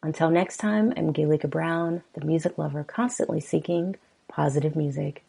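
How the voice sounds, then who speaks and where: A woman hosting a music podcast, talking softly and apologetically in a casual way. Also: sits low, normal speed, vocal fry, husky. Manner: soft-spoken and apologetic. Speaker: podcast host.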